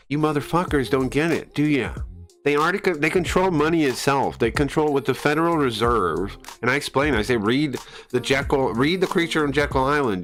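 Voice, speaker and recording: A man's voice: mid-range voice, a bit bright. A young man streaming live, ranting casually and heatedly with lots of swearing, rambling and restarting his sentences. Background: faint music.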